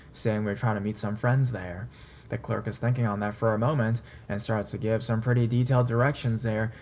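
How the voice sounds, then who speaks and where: A man reading a first-person horror story aloud in a steady storytelling voice. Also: medium pitch. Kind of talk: scripted horror story narration. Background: faint dark background music.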